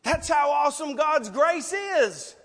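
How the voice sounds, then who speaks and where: Impassioned high-voiced preacher man. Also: expressive, takes it slowly. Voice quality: passionate, emotional, loud at times. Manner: rhetorical questions, pleading. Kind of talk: sermon with altar call. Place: church sanctuary. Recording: long reverb of a large hall.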